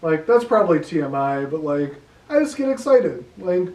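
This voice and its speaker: A young man runs through a casual stand-up set, his voice sitting a little high. He rambles and leans on ums and likes. He is picked up from a distance in a roomy, echoing space. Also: sing-song, moderate pace, a little mellow. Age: young adult. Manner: rambling, filler-heavy delivery with many ums and likes. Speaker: stand-up comedian. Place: room at home. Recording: echoey room, voice from a distance.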